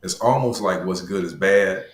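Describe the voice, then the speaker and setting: A male guest doctor on a talk panel, explaining in a measured, preacherly way with church terms. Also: low voice. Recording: roomy echo.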